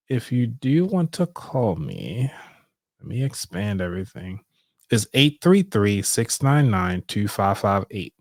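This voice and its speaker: A man's voice: lowish voice, a little mellow, dry recording, studio quality. A man hosting a live show, talking casually and upbeat, breaking into laughter often. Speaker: show host. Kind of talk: casual live-stream talk.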